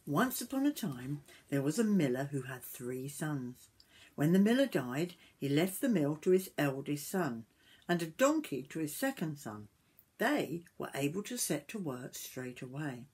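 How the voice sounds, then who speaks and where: An older woman reading a picture book aloud to children, gentle and stopping to point at the pictures. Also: low voice, big pitch swings, measured pace, breathy edge. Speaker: storyteller grandmother.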